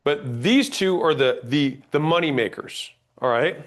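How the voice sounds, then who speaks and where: A man's voice: on the high side, animated. Emphatic man teaching sales tone. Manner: emphatic, demonstrates pauses and inflection, blunt. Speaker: sales trainer. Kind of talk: instructional talk on sales tonality.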